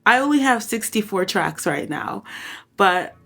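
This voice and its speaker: A woman's voice: mid-range voice, lively intonation, a little slow, a bit bright, faint music behind. A chatty woman in a home recording setup talks the camera through her process. She rambles freely and peppers her talk with "y'all" and "like." Now and then she sounds a little winded from singing. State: a little out of breath at times. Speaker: songwriter and home producer. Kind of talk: casual vlog talk to camera.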